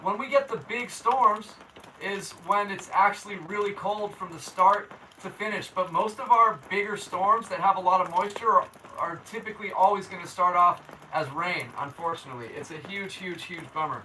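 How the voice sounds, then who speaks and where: A man with a high, very bright voice hosts a casual livestream from home. He talks to his viewers in a laid-back, slangy way and reads their comments aloud. The mic sits a little away from him, and faint noise runs underneath. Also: moderate pace, recorded from a distance, low-quality recording. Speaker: local weather livestream host. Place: indoors at home.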